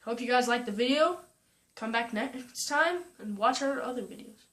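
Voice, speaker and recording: A young woman vlogging casually, retelling a story with lots of "like" and quoting people in a higher voice. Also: normal speed, a bit bright. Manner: chatty, full of "like" and "I'm like", quoting others in a higher voice.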